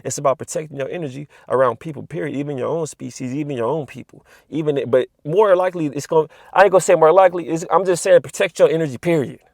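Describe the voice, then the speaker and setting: Young guy ranting fast to camera, cussing a lot, slangy, dry close sound. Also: on the high side, gravelly, darkish tone, no echo. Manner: profane, repetitive, street slang, says "you know what I'm saying" often. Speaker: spiritual vlogger. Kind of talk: casual rant to camera.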